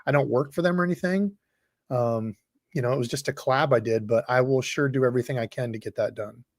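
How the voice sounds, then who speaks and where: In a studio-quality recording with no echo, a man with a mid-range voice speaks at a quick pace while hosting a fishing livestream. He rambles casually and reads viewer comments aloud as the channel's host.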